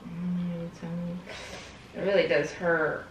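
A young woman in a casual couple prank, teasing and deadpan, sometimes half-whining. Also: lowish voice, slow pace, recorded from a distance, slight background noise. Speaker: vlogger pranking her fiance. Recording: echoey room, voice from off the mic.

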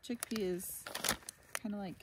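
A woman in her thirties chatting calmly with her family, explaining things simply to a child. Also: mid-range voice, normal speed, noisy background. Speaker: vlogger, mother. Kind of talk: casual family chat. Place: inside a large tent.

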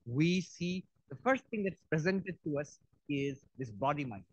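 Male monk lecturer, lively storyteller, slightly higher pitch, dry lo-fi sound. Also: unhurried, no echo. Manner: animated, acts out story parts. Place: university lecture hall.

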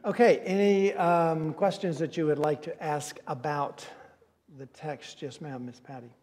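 Male pastor, earnest, restarts a lot, slightly high voice, echoey hall. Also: fairly even intonation, a little slow, a little mellow. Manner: earnest, many restarts and repeated words. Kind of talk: church Q&A teaching.

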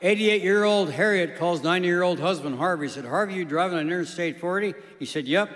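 Man telling stage jokes in a big hall. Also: high voice. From South Dakota. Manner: deadpan joke telling with quick voices for characters. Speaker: comedian. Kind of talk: stand-up jokes on stage, then interview. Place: large concert hall stage. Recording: reverberant hall.

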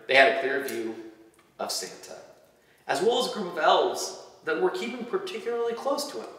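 A man reading his own fan fiction story aloud, with animated storytelling. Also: fairly high pitch. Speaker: reader. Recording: echoey hall from far off.

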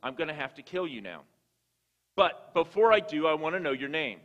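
A man's voice: on the high side, expressive, brisk, a bit bright, highs cut off. Fields: a preacher doing a politely menacing male burglar, echoing hall. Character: threatening male burglar, apologetic yet menacing. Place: church sanctuary. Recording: long church hall reverb.

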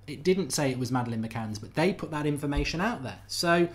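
A man's voice: on the high side, fairly bright tone. A middle-aged man hosting a live podcast debate, talking animatedly and repeating phrases for emphasis while reading out viewer comments. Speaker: podcast host.

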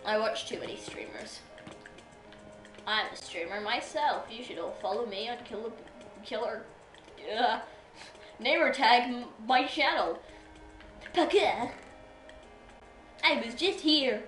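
A woman streamer chatting playfully while gaming, with bursts of excitement. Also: on the high side, a little slow, long pauses, echoey room, over music, poor audio. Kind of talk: casual gameplay chat.

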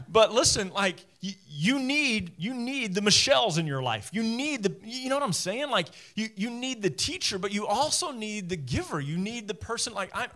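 A man preaching a sermon from a church stage as the teaching pastor, talking straight to his listeners with self-deprecating humor. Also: high voice. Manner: conversational, animated, talks straight to listeners.

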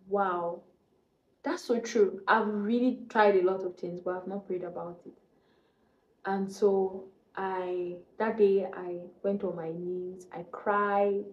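A woman's voice: mid-range voice, roomy sound, muffled recording. A young woman vlogger from Nigeria telling a faith testimony, earnest and repeating key phrases for emphasis.

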